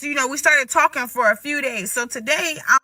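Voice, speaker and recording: A woman's voice: sits high, a little fast, sharp tone, dry recording, recorded from a distance. A woman casually telling a rambling story, restarting sentences and often asking "right?".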